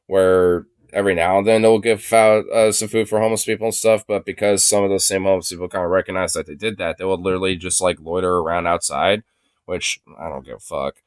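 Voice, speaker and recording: A man's voice: deep voice, smooth, no echo, studio quality. A young man ranting casually, rambling with lots of fillers and swearing. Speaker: podcast host. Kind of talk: casual profane rant.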